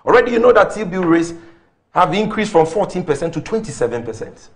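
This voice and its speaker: A man's voice: sits high, very animated, a little fast. A man with a Ghanaian English accent arguing politics on a talk show, firing off rhetorical questions and figures. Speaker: political commentator.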